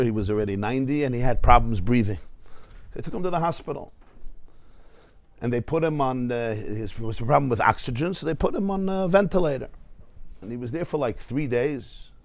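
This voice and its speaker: A man, a rabbi, teaching a Torah class to a live audience in a study hall, animated and storytelling with humor, mixing in Hebrew terms. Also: medium pitch, a little fast. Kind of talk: lively Torah class lecture.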